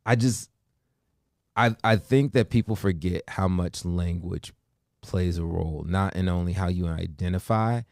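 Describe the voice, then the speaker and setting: A man's voice: deep voice, a little slow, vocal fry, no room sound, clean studio sound. A man with an American accent hosting a morning show, talking casually and acting out what others say, with many restarts. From United States. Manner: animated, acts out quotes, many restarts. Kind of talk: casual conversation.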